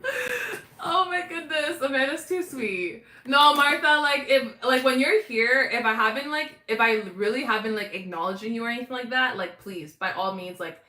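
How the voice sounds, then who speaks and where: A woman's voice: fairly high pitch, bright, forceful tone, reverberant. A young woman hosting a casual livestream, chatting animatedly with her viewers in the chat. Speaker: livestream host.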